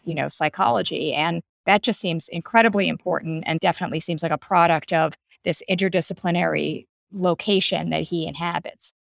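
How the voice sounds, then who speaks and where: Gravelly-voiced woman podcast host. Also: lowish voice, fairly bright tone, no echo, clean studio sound. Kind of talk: academic discussion.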